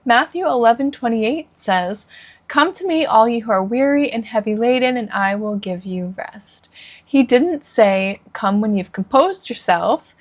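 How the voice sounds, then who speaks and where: Woman coach delivering a devotional talk, earnest and encouraging, with a fairly high voice. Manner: earnest, encouraging, asks questions. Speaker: Christian counselor and women's coach. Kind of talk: devotional teaching talk to camera.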